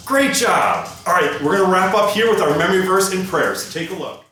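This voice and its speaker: A man's voice: high-pitched, lively intonation, fairly quick, sharp tone. Guy leading a kids church video, upbeat and encouraging, big echoey room, faint music behind. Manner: upbeat, encouraging, speaking straight to children at home. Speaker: children's ministry leader. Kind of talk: storytelling and talking to kids.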